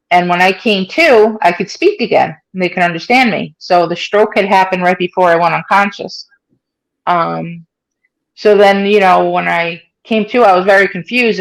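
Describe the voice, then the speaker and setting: The audio quality is low, and the speaker's pitch sits fairly low. She's an interviewee in her forties describing her own stroke, chatting casually with plenty of fillers and performing other people's words as she quotes them.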